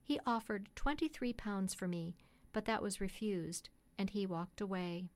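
A woman narrating a classic storybook in a steady, gentle, measured way. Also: medium pitch. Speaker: audiobook narrator.

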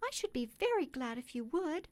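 Woman doing a high, gentle refined lady. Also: big pitch swings, normal speed. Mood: earnest, persuasive. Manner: soft, persuasive, polite. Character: kind gentle English lady, refined and earnest.

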